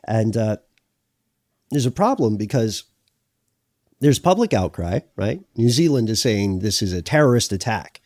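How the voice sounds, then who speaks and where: A man with a fairly deep voice co-hosts a podcast, swinging his pitch widely as he tells the story. He jokes and acts out little scenes along the way. The sound is close and dry, with no room in it. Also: no room sound. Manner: animated, jokey storytelling with acted-out asides. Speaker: podcast co-host. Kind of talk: conversational podcast banter.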